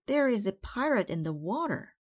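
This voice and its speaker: A woman's voice: on the high side, big pitch swings, normal speed, voice pushed up. Matey, read by a woman, an eager pirate mate. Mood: excited. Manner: eager, wide-eyed exclaiming. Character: excitable young pirate sidekick Matey.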